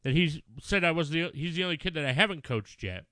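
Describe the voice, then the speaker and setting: A man in his thirties, a father who coaches youth baseball, telling a story in casual chat, animated and swearing when angry. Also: on the high side, fast, dry recording.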